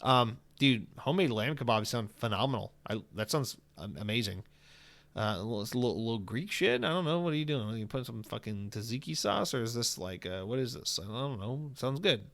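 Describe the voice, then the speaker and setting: Animated, sarcastic male podcast host. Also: medium pitch, a little fast, vocal fry. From United States. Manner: animated, profane and sarcastic, with frequent filler words. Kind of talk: casual solo podcast talk.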